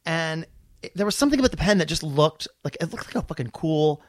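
A male comedian telling a long story in casual chat, fast and profane, acting out the people he quotes. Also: fairly high pitch, animated, no echo, clean studio sound.

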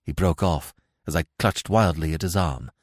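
A man narrating a classic novel in expressive, dramatic storytelling style for a podcast. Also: deep voice, moderate pace, husky, no echo, studio quality.

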